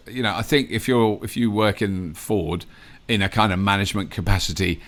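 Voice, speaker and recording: A man with a fairly low voice co-hosts a podcast in a relaxed, conversational way. He explains news casually and keeps agreeing with his co-host. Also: a little fast, hardly any pauses. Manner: conversational, agreeable, lots of yeahs. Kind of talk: casual chat.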